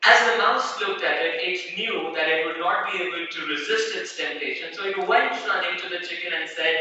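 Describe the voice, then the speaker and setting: Brief: man, earnest stage speaker, bright voice, very echoey hall, picked up from a distance. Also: high voice, moderate pace, hardly any pauses, a little hiss or hum. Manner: earnest, rhetorical questions. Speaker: conference speaker. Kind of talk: inspirational public talk. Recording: echoey hall from far off, dull.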